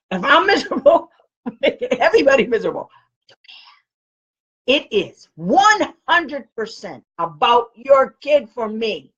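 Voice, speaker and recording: A woman giving a blunt, animated training talk to parents as a special education advocate. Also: high voice, breathy edge. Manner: animated, blunt and combative, with quoted comebacks. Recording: dull lo-fi recording.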